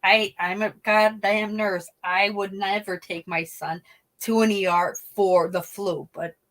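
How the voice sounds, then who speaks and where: Middle-aged woman, livestream host, chatty and animated, answers comments, swears bluntly. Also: mid-range voice, unhurried, low-quality recording. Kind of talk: casual livestream chat.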